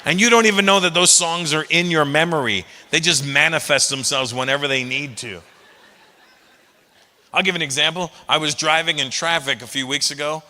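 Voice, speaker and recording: A middle-aged man doing a stand-up comedy set, animated and breaking into loud shouted impressions. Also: fairly high pitch, normal speed. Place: live comedy venue with an audience. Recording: long reverb of a large hall.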